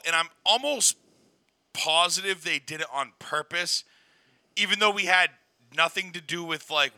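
A man's voice: fairly high pitch, bright, forceful tone, dry recording, clean studio sound. A young man in a casual profane chat who agrees along and rambles through his complaints.

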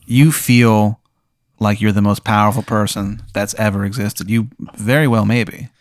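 Male co-host, low-ish relaxed voice, dry deadpan storyteller. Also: moderate pace, dry recording. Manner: laid-back, dryly describes absurd events. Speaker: co-host telling an improvised scenario. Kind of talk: improvised storytelling banter.

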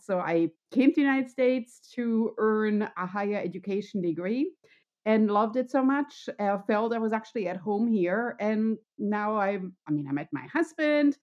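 A woman's voice: mid-range voice, darkish tone, dull audio. A woman from Germany with a German accent, a podcast guest speaking in a friendly, upbeat, explanatory way. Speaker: podcast guest, wellness coach. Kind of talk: conversational interview.

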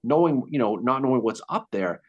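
A man hosting a podcast, telling a Civil War battle story in a casual, animated way. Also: medium pitch, brisk, dull audio. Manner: animated, acts out quotes. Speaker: podcast host.

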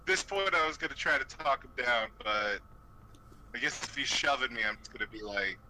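A man's voice: medium pitch, expressive, brisk, bright, forceful tone, a little hiss or hum, low-quality recording. A man playing a tabletop game, thinking aloud in a casual way. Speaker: player.

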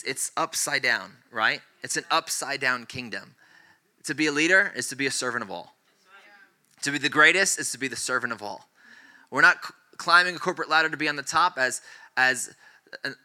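Bright-voiced preaching pastor. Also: male voice. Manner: builds to loud, high-pitched emphatic preaching; repetitive, exhortative phrasing with restarts. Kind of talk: sermon.

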